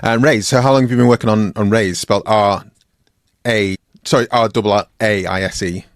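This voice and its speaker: A man with a fairly low voice hosts a casual podcast interview. He speaks in a friendly, halting way, with plenty of fillers. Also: steady tone. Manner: friendly, hesitant, many fillers. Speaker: podcast host.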